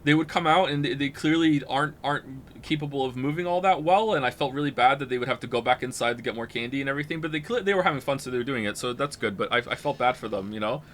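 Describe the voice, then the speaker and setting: A man's voice: medium pitch, quick pace, hardly any pauses, fairly bright tone, slight background noise. A man from Canada hosting a gaming stream, telling rambling, profane stories in casual chat. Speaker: streamer host.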